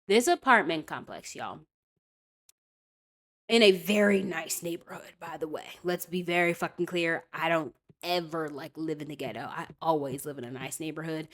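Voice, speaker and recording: Chatty podcast host woman, lowish voice. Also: normal speed, fairly bright tone. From California. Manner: chatty, digressive, emphatic with frequent "okay?". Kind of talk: casual storytelling rant.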